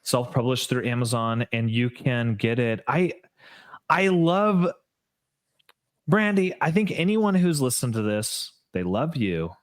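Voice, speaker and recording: A man's voice: medium pitch, sing-song, unhurried, no room sound, studio quality. A man hosting a faith podcast, talking in an earnest, rambling way with many fillers. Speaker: podcast host. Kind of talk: casual interview chat.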